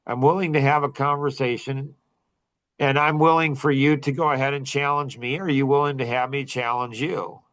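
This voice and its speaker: A middle-aged man talks loosely on a podcast, circling back on himself with fillers and restarts and laughing often. His voice has a bright, forward edge at an ordinary middle pitch. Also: steady tone, normal speed. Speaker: podcast guest. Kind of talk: casual chat.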